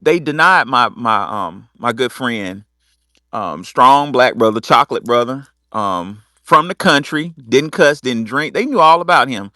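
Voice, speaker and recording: A middle-aged man hosting a talk show, telling stories in a lively way, cussing freely and acting out the people he quotes. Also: medium pitch, no echo, clean studio sound. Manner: animated storytelling with acted-out quotes; cusses freely. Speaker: host. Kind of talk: casual talk show monologue.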